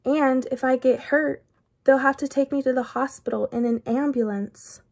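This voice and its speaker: A woman voicing an anxious, fretful male walrus in a children's storybook, talking slowly and rambling through all his worries. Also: sits high, fairly even intonation, creaky, darkish tone. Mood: worried. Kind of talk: children's storybook read-aloud.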